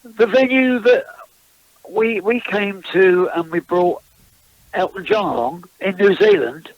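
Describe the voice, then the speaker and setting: An older man with a fairly high voice chats his way through old tour stories, often restarting sentences and chuckling as he goes. The sound is dry and close, with a dull, lo-fi quality. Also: a little slow, no echo. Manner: chatty, rambling with frequent restarts and chuckles. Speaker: guest musician, former backing singer. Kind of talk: casual interview anecdotes.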